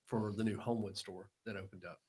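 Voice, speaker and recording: A man's voice: on the low side, quick pace, husky. A man, chatting casually on a podcast and telling a laid-back work story. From Alabama. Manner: relaxed, short backchannel replies. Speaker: podcast co-host.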